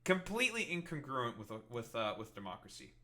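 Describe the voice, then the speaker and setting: A man's voice: medium pitch, very animated, brisk, sharp tone, slight background noise. A man giving an angry, profane and sarcastic political commentary while reacting to clips.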